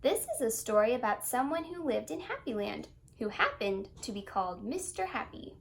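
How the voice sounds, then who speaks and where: A woman reading a children's picture book aloud in an expressive, singsong storytelling manner. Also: fairly high pitch, moderate pace, gravelly, a little hiss or hum.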